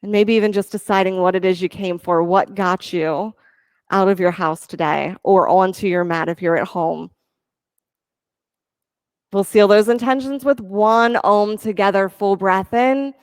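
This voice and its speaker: A woman yoga teacher leading a class, giving calm, encouraging step-by-step cues for breath and poses. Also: medium pitch, a little slow, clean tone, dry recording. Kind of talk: guided yoga class instruction.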